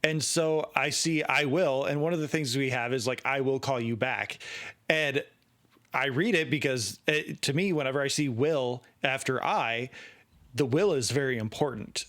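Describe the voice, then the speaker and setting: A man's voice: medium pitch, moderate pace, fairly bright tone. A man co-hosting a casual podcast, explaining an everyday work story step by step. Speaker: podcast co-host.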